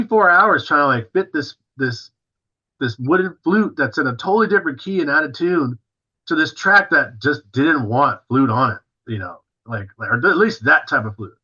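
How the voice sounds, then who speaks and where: Male drummer, interview guest, casual storyteller, lots of fillers, bright tense tone, dull lo-fi recording. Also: on the high side, normal speed. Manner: animated storyteller, many fillers, acts out others' lines.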